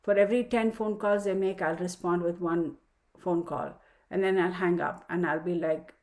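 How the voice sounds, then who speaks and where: A woman's voice: lowish voice, fairly even intonation, moderate pace, a little mellow. A woman giving a casual weekly astrology reading, talking frankly and chattily and slipping into little mock conversations.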